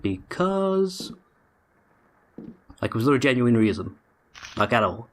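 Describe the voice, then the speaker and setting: A man's voice: medium pitch, lively intonation, moderate pace. Sarcastic man joking through gameplay. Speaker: let's play host. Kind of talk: gameplay commentary.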